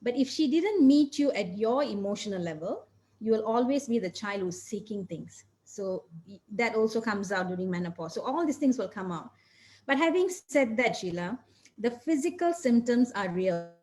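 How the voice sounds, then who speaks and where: Earnest woman physician explaining calmly. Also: on the high side, moderate pace. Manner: earnest, explanatory, lists points step by step. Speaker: physician and coach, guest. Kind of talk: interview answers.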